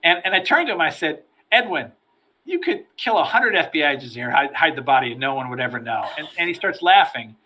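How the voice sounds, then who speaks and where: A middle-aged man tells stories from his career as an interview guest, animated and given to repeating words at the start of his sentences. His voice sits a little high and sounds bright and forceful, with a pushing energy behind it. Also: fast. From United States. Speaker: interview guest, former FBI agent. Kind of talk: storytelling in a podcast interview.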